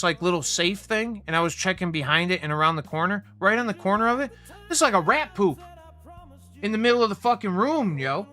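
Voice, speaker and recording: A man's voice: high voice, pushed and bright. A young man hosting a livestream, ranting casually with heavy profanity and a heated, rambling delivery. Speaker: livestream host.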